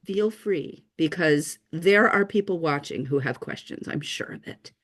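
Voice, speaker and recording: A woman's voice: low voice, unhurried. A woman teaching a casual online writing lesson on a video call, upbeat and reassuring, explaining step by step.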